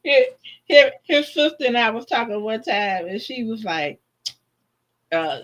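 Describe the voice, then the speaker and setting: A woman chatting as a guest on a live stream, telling stories in a lively way and laughing often. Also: a little high, measured pace, poor audio. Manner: animated, laughs often, acts out voices in her stories. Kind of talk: casual storytelling.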